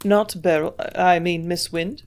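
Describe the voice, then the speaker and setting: A woman's voice: on the low side, fairly even intonation, measured pace, darkish tone. Lady reading as a curious young doctor guy, asks lots of questions, storybook reading. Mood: questioning.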